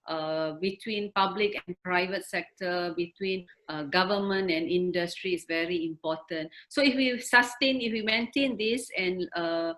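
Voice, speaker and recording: Bright-voiced woman on a video call. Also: fairly low pitch, normal speed, hardly any pauses, poor audio. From Malaysia. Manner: frequent fillers and restarts, earnest. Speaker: health ministry official. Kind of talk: webinar panel discussion.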